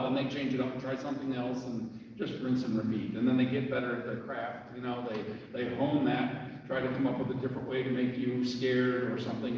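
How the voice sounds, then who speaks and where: A man's voice: medium pitch, muffled recording, a little hiss or hum. A man giving a casual talk to an audience about scams, chatty and storytelling, laughing at his own jokes. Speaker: workshop speaker on scams. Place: echoey church hall. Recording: echoey hall from far off.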